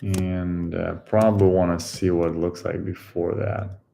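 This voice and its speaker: A man hosting a coding tutorial, thinking aloud while he works through a problem, halting and musing with many pauses and fillers. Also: low-pitched, flat delivery, gravelly, warm tone.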